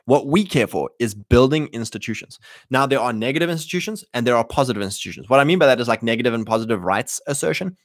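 A man's voice: medium pitch, expressive, quick pace, no room sound, clean studio sound. A man giving an opinionated monologue, emphatic and loose, with many fillers. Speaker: commentator.

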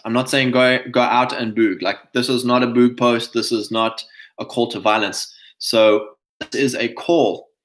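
A man's voice: mid-range voice, fairly bright tone. A man giving a live-streamed monologue, emphatic and insistent, often tagging his points with "right?" and mocking opponents in quoted voices. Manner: mocks others in put-on quoted voices. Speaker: online commentator.

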